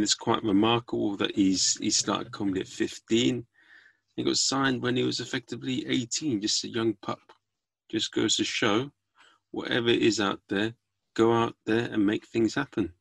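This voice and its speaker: A man's voice: mid-range voice, fairly even intonation, normal speed, creaky, a bit bright, breathy edge, no room sound. A man hosting a podcast, chatting casually and signing off with cheeky jokes. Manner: cheeky, jokey sign-off, plain-spoken. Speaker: podcast host.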